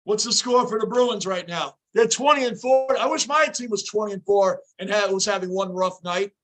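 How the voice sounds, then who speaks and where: A hoarse, worn-out male livestream host reacting to a hockey game, excitable and emotional, shouting at the action and chatting with viewers by name. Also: high voice, moderate pace. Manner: chats with viewers by name, off topic. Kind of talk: casual live reaction chat.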